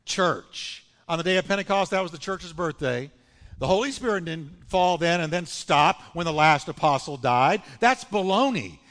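A male pastor preaches in a high, ringing voice, stretching key words and calling on the congregation to answer. His sermon rings out with a long reverb from a large church hall. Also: lively intonation, fairly bright tone. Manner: preaching with emphatic, drawn-out phrases and call-and-response. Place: church sanctuary.

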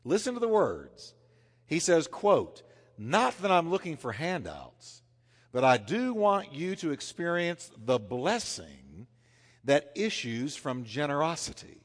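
A man preaching a sermon, swinging between loud emphasis and hushed, intense passages. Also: a little high, very animated, takes it slowly. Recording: long hall reverb.

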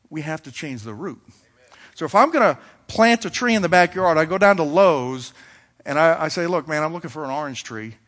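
A man's voice: on the high side, fairly bright tone, in a large hall. A man preaching a sermon in a conversational, storytelling way, acting out little dialogues as he goes. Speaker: pastor.

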